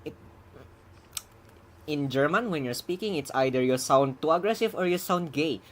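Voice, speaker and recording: Here a programmer streams their own coding at a normal pace, with an animated, medium-pitched voice. Their casual commentary rambles along with chuckles and muttering as they debug, keyboard typing in the background.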